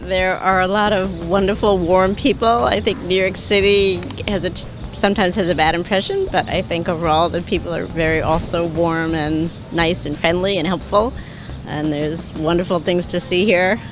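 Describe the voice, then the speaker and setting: A woman answering an interviewer's questions on a city street in a warm, friendly way. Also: on the low side, steady tone, normal speed, noisy background. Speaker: passer-by.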